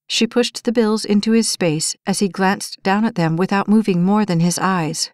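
A woman reads an audiobook aloud, her storytelling even and measured. Her voice sits at a medium pitch, and the clean studio recording has no echo.

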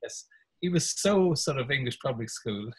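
Older Irish man, storyteller guest, chuckling and mimicking voices; mid-pitched. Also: animated, moderate pace, slightly rough, rough recording. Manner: anecdotal, chuckles often, mimics voices in stories. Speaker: music producer guest. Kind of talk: casual reminiscing interview.

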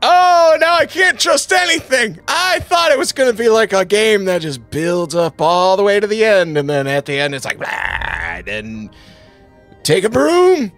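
A man's voice: high voice, very animated, moderate pace, soft background music. A man hosting a let's play, commenting on a horror game from home, joking and jumpy, yelping and laughing at the scares.

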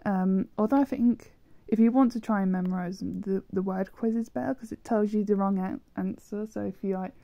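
A woman's voice: medium pitch, steady tone, fairly quick, gravelly, hardly any pauses, warm tone, dry recording, highs cut off. A woman giving rambling, self-deprecating commentary while playing a language-learning game, often hesitating and trailing off. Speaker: gameplay video creator. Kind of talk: casual gameplay commentary.

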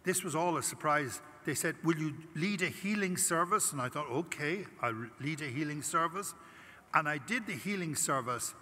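A man's voice: on the high side, expressive, moderate pace, pushed and bright, a little hiss or hum. An older Irish priest giving a conference talk, telling a personal story and acting out his prayers with animation. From Ireland. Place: large conference hall. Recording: long hall reverb.

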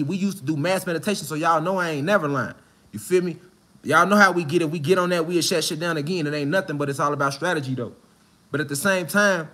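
A man delivering a slang-heavy, preaching-style monologue outdoors, building to shouted emphasis. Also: fairly high pitch. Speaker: online spiritual speaker. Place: outdoors in the mountains.

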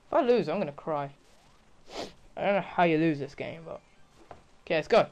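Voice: mid-range voice, expressive, normal speed, pauses often, darkish tone, lo-fi sound. Exasperated let's-play gamer, muttering and yelping. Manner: talks to self, frequent exclamations and groans. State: frustrated. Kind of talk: casual gameplay commentary.

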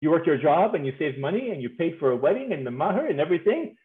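Playful male speaker, high voice, comic delivery; tinny, phone-like, echoey recording. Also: fast talker. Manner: animated, playful, acts out voices and laughs often. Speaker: speaker on marriage. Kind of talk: humorous conference talk.

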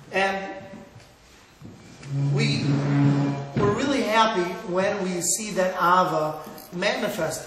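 A middle-aged rabbi from Cleveland giving an earnest sermon, telling stories and mixing in Hebrew and Yiddish words. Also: male voice, high-pitched. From Cleveland, Ohio, USA. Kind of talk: sermon to a live audience. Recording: echoey hall, mic far off, faint noise.

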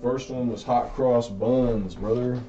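A man's voice: mid-range voice, fairly even intonation. A man opening sports card packs in casual chat, brash and joking with a friend. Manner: brash, joking, rapid-fire. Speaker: card breaker. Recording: slightly dull, music faint behind. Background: faint music.

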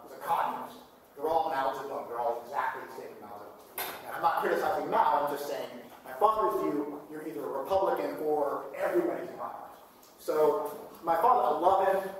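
Middle-aged male lecturer, fairly high voice, chatty classroom delivery, recorded from across an echoey hall. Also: slight background noise. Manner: conversational, acts out quoted voices. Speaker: university lecturer. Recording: echoey hall, mic far off.

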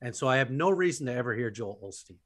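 A man hosting a podcast interview, chatty and animated as he tells stories and asks questions. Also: medium pitch, fast talker. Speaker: podcast host. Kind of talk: casual interview.

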